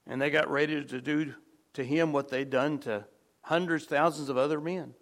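A man preaching a sermon in a conversational way, restarting phrases often and dropping to soft, low tones on key words. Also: steady tone, moderate pace. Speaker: pastor.

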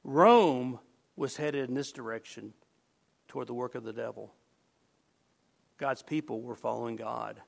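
A middle-aged man preaching a sermon, earnest and emphatic, dropping to a low murmur on key words. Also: measured pace, vocal fry, long pauses.

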